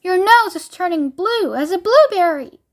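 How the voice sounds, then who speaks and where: A woman's voice: extremely high pitch, animated, moderate pace, pitched above the performer's own voice. Woman voicing a shrieking panicky mother. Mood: panicked. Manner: screeching, panicky. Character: shrieking, doting middle-aged mother.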